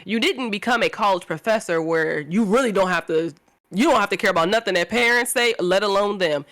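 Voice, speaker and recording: A woman's voice: mid-range voice, fairly quick, fairly bright tone. A woman who is a guest on a podcast, talking frankly and with strong opinions in casual chat.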